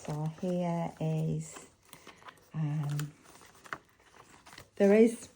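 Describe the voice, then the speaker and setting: A woman's voice: deep voice, very slow, mellow, a little hiss or hum, low-quality recording. Chatty Lancashire woman crafting. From England. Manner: chatty, muses aloud, asks viewers questions. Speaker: crafting vlogger. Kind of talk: casual chat while crafting. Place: home craft table.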